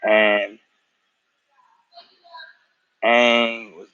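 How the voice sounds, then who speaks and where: A man's voice: on the low side, level tone, drawn-out words, bright, forceful tone, clean tone, no echo, dull audio. A young man casually recapping a cartoon episode in a slangy, profane way, acting out the characters' lines. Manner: slangy, profane, acts out quotes. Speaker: show recap host.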